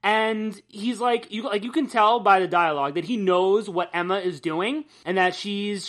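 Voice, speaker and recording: A young woman co-hosting a casual comic-book podcast, joking crudely and laughing often. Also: medium pitch. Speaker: podcast co-host.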